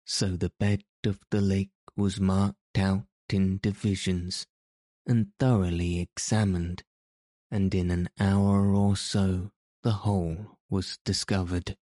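Low, slow male audiobook narrator. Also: no room sound, studio quality. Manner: measured, even storytelling. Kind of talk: scripted narration.

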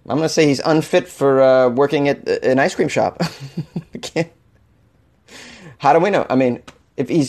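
A man hosting a comedic talk show, reading odd news stories aloud and joking with frequent laughs and stammered restarts. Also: fairly high pitch. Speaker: host.

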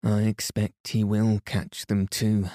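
A man's voice: fairly low pitch, completely flat delivery, takes it slowly, warm tone, dry recording, studio quality. A man voicing a blunt, down-to-earth young housemaid in a bedtime storybook reading. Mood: matter-of-fact.

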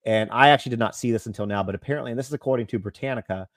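A man's voice: mid-range voice, racing, dry recording. Earnest male co-host, dry sound. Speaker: podcast co-host. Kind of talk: casual discussion.

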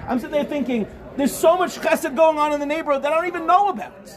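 High-voiced man telling a sermon story. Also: quick pace, few pauses, some chatter behind. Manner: animated, rising to impassioned exhortation. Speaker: rabbi giving a talk to yeshiva students. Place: study hall at a summer program.

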